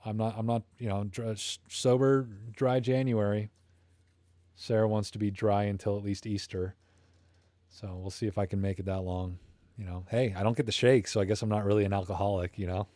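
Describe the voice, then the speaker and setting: A young man on a live stream, rambling and cracking goofy jokes in a somewhat low, mellow voice. His voice is getting tired. The sound is dry and close. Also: steady tone, brisk, dry recording. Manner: goofy, rambling, self-promoting banter. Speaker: YouTube streamer. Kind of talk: casual live-stream chat. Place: small room at home.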